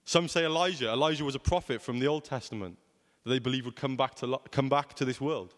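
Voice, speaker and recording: A man's voice: mid-range voice, fast talker, fairly bright tone, in a large hall. A young man preaching a sermon in a conversational way, often asking rhetorical questions.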